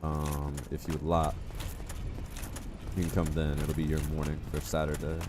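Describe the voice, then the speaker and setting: A man's voice: a bass voice, completely flat delivery, moderate pace, noisy background. A man streaming a game live, chatting casually and joking with his viewers. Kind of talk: casual live-stream chat while playing.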